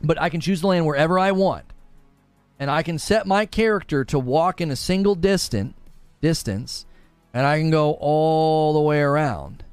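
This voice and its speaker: Male streamer, fairly high voice, scoffing and emphatic while reading chat. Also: normal speed, clear, resonant tone, no room sound, soft background music. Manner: sarcastic, incredulous; animated, emphatic. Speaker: gaming streamer. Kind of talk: live commentary reading chat.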